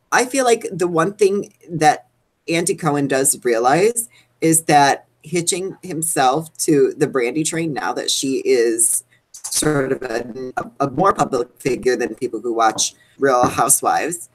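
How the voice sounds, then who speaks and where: Low-pitched woman co-host, animated gossip rant, live show. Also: a little slow. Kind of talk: casual chat.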